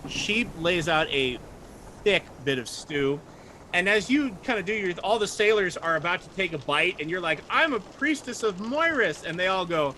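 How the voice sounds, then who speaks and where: A man acting as game master narrates a tabletop game, describing the scene and the characters' actions in a chatty, joking way and briefly voicing sailors. His voice sits high with a sharp tone and lively intonation at normal speed, over slight background noise.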